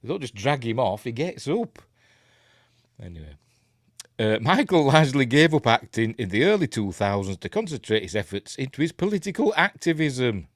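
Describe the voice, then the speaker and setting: A man's voice: medium pitch, sing-song, moderate pace, dry recording, studio quality. A tired man with a Yorkshire accent hosts a casual live news stream, rambling, breaking off mid-sentence and laughing often.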